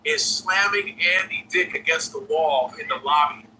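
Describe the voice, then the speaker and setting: A man's voice: fairly high pitch, normal speed, sharp tone, distant mic, low-quality recording. A man telling a profane showbiz story on a podcast, acting out the people in it. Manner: profane, acts out other people's voices. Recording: played podcast clip, voice off-mic with faint noise.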